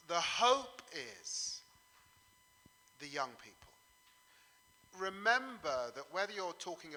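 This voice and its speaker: A man in his forties from England speaks at a public panel discussion. His voice is bright and forceful, and he leans hard into his points with swings in pitch and a few fillers. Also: long reverb tail, rough recording. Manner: emphatic, rising and falling delivery with fillers.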